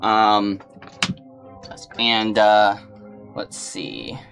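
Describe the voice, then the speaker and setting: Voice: medium pitch, very animated, drawn-out words, gravelly, music in the background. A player at a tabletop game, talking through their moves hesitantly with many fillers. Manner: hesitant, full of ums and uhs. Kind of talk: casual tabletop play.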